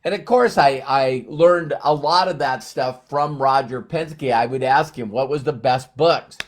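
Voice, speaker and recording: A man in his sixties giving a casual motivational talk, conversational with frequent fillers and slow, stressed phrases. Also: mid-range voice, slight background noise. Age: 60s. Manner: conversational, fillers and slowed emphasis. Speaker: motivational speaker.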